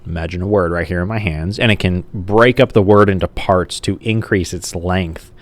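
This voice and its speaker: Low-pitched and fairly even in intonation, a male teacher moves at a moderate pace through a recorded grammar lesson, writing on a page as he goes. He sounds casual, says "like," and keeps checking in with "okay?" The audio comes from a camera mic.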